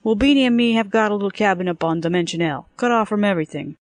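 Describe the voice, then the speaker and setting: A woman voicing a smooth-talking male crook from the future, chummy and wheedling. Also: medium pitch, fast talker, no room sound, close to an everyday voice. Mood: coaxing.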